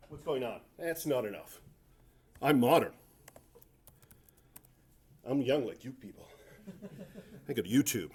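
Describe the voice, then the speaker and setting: A man's voice: mid-range voice, a little mellow, slight background noise. A man giving a tech talk at a conference, rambling and self-mocking with jokey asides. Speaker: conference presenter. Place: conference room.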